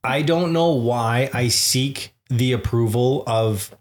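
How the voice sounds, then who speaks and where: A man's voice: medium pitch, slow. A middle-aged man co-hosting a podcast in casual chat, laughing easily. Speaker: podcast co-host.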